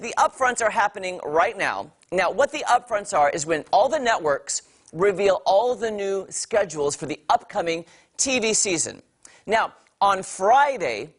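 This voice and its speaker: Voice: mid-range voice, fairly bright tone. A morning TV entertainment host giving chatty, emphatic, opinionated commentary straight to viewers. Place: TV studio.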